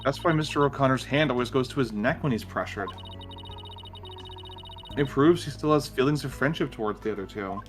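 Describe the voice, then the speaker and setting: A man on a game stream with a friend, reading dialogue aloud in an even, ordinary-pitched voice. Between lines he chats loosely and laughs a lot. Game music plays faintly under him. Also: a little fast, long pauses. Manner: laughs often, swears casually.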